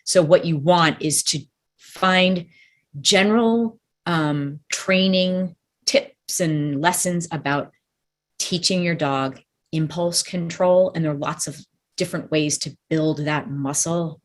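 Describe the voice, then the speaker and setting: A woman's voice: sits low, takes it slowly. A woman dog trainer in a casual interview chat, talking in a thoughtful, rambling way and hedging her points.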